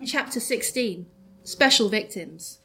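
A woman's voice: medium pitch, animated, slow, background noise. A woman host narrating a comic parody story aloud, amused and often breaking into laughter.

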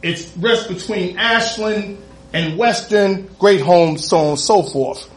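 Man, stand-up comedian, high voice, animated storytelling, roomy echo. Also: slow pace. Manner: animated, laughs through his own story, acts out other voices.

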